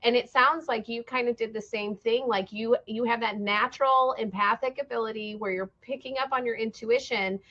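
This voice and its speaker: A woman with a somewhat high voice speaks earnestly as a podcast host, reflecting openly in a relaxed conversation. The recording sounds a little dull and muffled. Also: normal speed, few pauses. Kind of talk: casual conversation.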